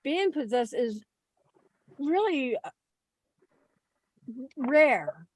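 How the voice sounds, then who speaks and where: Giggly high-voiced woman host. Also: very animated, extremely slow, dry recording. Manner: giggly, blunt, swears freely. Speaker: host of a paranormal panel. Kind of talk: casual chat.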